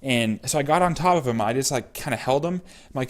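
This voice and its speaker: A man's voice: medium pitch, lively intonation, brisk, slight background noise. Rambling young man telling a story. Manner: rambling with many fillers. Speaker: vlogger. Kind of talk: casual storytelling.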